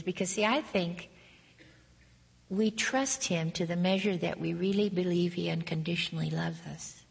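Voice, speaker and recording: A woman giving a sermon in an earnest storytelling manner, with a husky voice, quoting God softly. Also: on the low side. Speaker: speaker.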